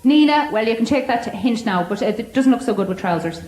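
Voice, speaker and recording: A woman's voice: on the high side, lively intonation, a little fast, a little mellow. An Irish woman comedian doing cheeky, chatty banter with a live audience on a theatre stage. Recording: echoey live theatre with music.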